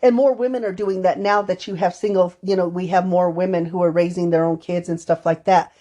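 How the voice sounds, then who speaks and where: A woman's voice: lowish voice, steady tone, fairly quick, dark tone, muffled recording. A woman co-hosting a podcast conversation, a counselor who talks casually and acts out short quotes from her clients. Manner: conversational, tells anecdotes with acted-out quotes. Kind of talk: casual chat.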